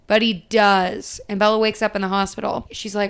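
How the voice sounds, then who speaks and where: A woman's voice: medium pitch, little pitch movement, fairly quick, smooth. A woman hosting a podcast who chats casually, recaps a film sarcastically, swears freely and acts out the characters. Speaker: podcast host.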